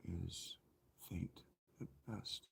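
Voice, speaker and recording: A man's voice: takes it slowly, fairly bright tone, slight background noise. A man in his thirties, an author, chatting in a rambling, reflective way with frequent self-corrections. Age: 30s. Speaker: author reading his own novel. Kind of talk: casual spoken chat.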